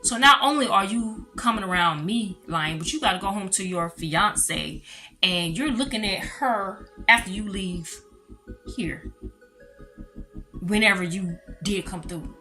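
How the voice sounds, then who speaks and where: A bright, forceful woman speaking tells a storytime vlog to her viewers, her pitch swinging high and low as she goes. Soft music plays behind her. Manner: animated, talks straight to viewers, calls them y'all. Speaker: vlogger.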